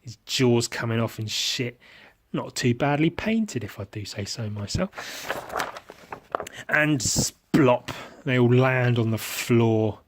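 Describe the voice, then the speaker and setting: A man's voice: medium pitch, animated, slow pace, noisy background. A man hosting a podcast, narrating playfully with lots of swearing and mouth-made sound effects. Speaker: podcast host and miniature painter.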